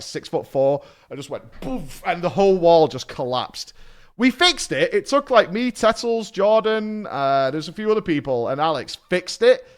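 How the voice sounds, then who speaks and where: A man streaming, telling stories in a casual, animated way, swearing and laughing often. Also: high voice. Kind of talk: casual chat.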